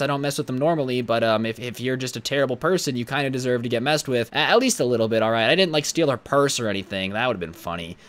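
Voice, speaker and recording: Young male YouTuber, mid-pitched, blunt and animated storyteller, casual.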